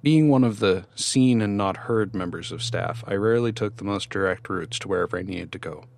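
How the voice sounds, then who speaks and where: Low-voiced man narrating a story. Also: fairly quick, gravelly, darkish tone. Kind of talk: scripted narration.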